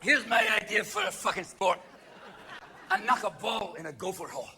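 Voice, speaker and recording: A man's voice: high voice, very animated, moderate pace, creaky, a crowd in the background. A man doing stand-up comedy on a theater stage, manic and profane, jumping between voices. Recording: live show, loud audience noise.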